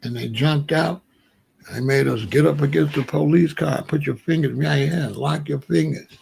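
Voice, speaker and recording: A middle-aged man talks straight to his audience, spinning a street story and acting out what each person said. His voice is heavily gravelly and husky, sitting a little high for a man. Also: moderate pace. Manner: animated storyteller, breaks into quoted dialogue. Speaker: commentary show host. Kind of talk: casual storytelling commentary.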